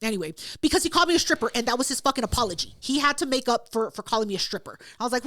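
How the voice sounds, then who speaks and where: A young adult woman co-hosting a podcast, telling a story in casual chat, animated and profane, acting out quotes in a raised voice. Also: on the high side, rapid-fire, dry recording. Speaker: podcast co-host.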